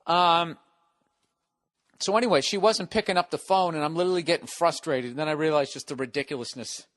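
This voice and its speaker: A man's voice: a little high, fairly quick, a bit bright, no echo, studio quality. A man hosting a podcast from his home, delivering a profane, exasperated solo rant. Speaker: podcast host. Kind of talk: solo ranting monologue.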